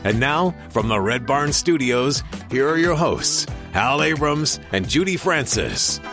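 A male announcer reads a radio show intro, smooth and measured, at a middle pitch. Soft guitar plays beneath him. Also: expressive. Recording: voice over faint guitar.

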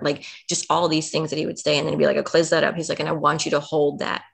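A woman's voice: sits low, flat delivery, quick pace, gravelly, few pauses, slightly rough. A woman, a podcast guest, telling a personal story in conversation, earnest and emotional, filling her speech with "like". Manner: emotional, earnest, heavy on "like" fillers.

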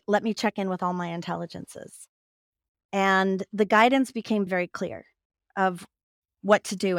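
Lively storytelling woman, dry close sound. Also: mid-range voice, dry recording. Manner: lively storyteller who laughs and acts out quoted voices. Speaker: guest, mind-body physician and author. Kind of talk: casual interview conversation.

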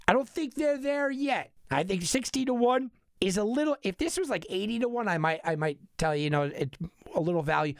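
Animated man talking baseball bets. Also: high-pitched, vocal fry, no echo, studio quality. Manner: animated, argues with himself, frequent restarts. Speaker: sports betting podcast host. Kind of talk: solo sports betting talk.

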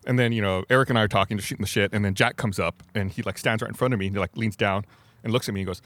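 A man's voice: on the low side, steady tone, rapid-fire, a bit bright, dry recording. A man co-hosting a casual podcast in a coffee shop, telling a funny anecdote in a joking, laughing way. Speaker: podcast co-host. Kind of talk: casual chat.

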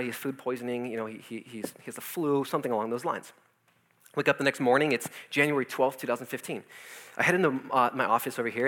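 Young guy rattling off a personal story real quick, bright voice, acts out the voices. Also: mid-range voice. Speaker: youth pastor. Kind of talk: personal testimony. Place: his office.

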